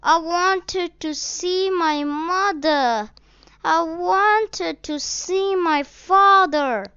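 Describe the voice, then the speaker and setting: A woman reading a story aloud and voicing a small lost boy who calls high and loud for his mother and father. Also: very slow, no echo, dull audio, full character voice. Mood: sobbing. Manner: high pleading cries. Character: frightened little boy lost at a fair.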